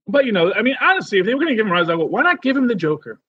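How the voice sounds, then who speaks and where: A man co-hosting a podcast in casual chat, rambling and animated with many restarts. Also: high voice, husky, no room sound, dull audio. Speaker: podcast co-host.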